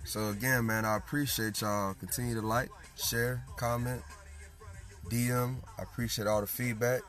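A man in his late twenties hosting a podcast in casual chat, hoarse from losing his voice, laid-back and slangy, chuckling between thoughts. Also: mid-range voice, steady tone, moderate pace, fairly bright tone, soft background music. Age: late 20s. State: hoarse from lost voice. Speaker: podcast host.

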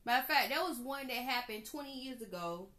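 A woman in her thirties from Georgia hosting a casual solo podcast, chatty and animated, laughing often. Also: sits high, a little fast. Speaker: podcast host.

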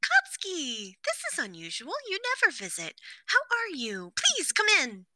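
A woman doing a bright, kindly mom. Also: high voice, huge pitch swings, measured pace, no echo, clean studio sound, heavily acted. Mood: pleasant surprise. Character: kind, cheerful middle-aged mother. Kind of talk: fan audio drama acting.

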